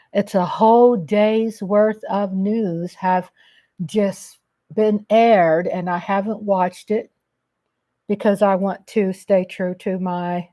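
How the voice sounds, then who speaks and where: A woman hosting a casual livestream, reading viewers' comments aloud and chatting in a slow, affectionate way, often calling them baby and darling. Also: mid-range voice, dark tone. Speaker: livestream host reading chat.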